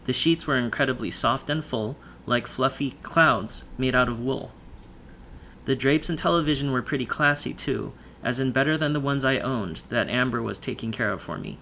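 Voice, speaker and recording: A man reads a first-person audiobook in a measured storytelling manner, his voice pitched in the middle range. Faint noise sits under the recording. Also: vocal fry, pushed and bright. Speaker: audiobook narrator.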